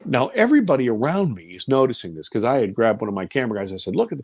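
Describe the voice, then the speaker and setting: A man in his fifties telling a personal story as an interview guest, animated and swinging between loud exclamations and hushed near-whispers. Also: mid-range voice, racing, no room sound. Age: 50s.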